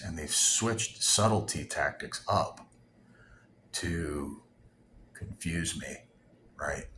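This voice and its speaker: Low-pitched and fairly bright, this man's voice carries a heated, profane vlog rant that is unscripted and rambling. He restarts often and sometimes sinks to a near whisper, in a roomy, echoing space with faint noise behind him.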